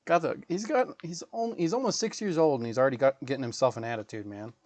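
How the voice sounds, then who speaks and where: A man's voice: mid-range voice, quick pace, darkish tone, no room sound. A man in his thirties, a gaming livestreamer, telling rambling, profane stories in casual chat.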